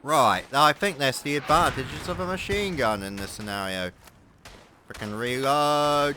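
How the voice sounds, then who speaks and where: A man's voice: medium pitch, animated, unhurried, background noise. A man giving casual, sarcastic gameplay commentary, swearing and mocking himself as he plays. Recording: loud game gunfire behind.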